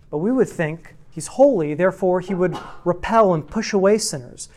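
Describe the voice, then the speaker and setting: A man's voice: sits high, expressive, moderate pace, a little mellow. Man teaching a church class. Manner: enumerating points, rhetorical questions. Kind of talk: teaching sermon.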